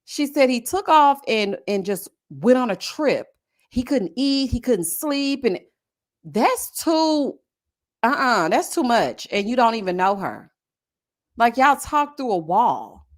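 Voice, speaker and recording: Animated sassy woman live-streaming. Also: on the high side, slow. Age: adult with a child. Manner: sassy, animated, frequent laughing asides. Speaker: YouTube host reviewing a reality dating show. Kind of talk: casual live-stream chat.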